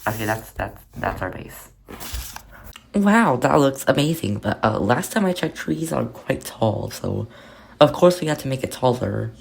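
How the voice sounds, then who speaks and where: Rambling self-mocking crafting vlogger, gravelly. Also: medium pitch, very animated, unhurried, slight background noise. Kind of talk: casual narrated crafting vlog.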